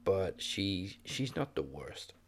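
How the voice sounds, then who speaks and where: A man's voice: low-pitched, sing-song, slow, fairly bright tone. A man co-hosting a casual wrestling podcast, joking and teasing. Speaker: podcast co-host.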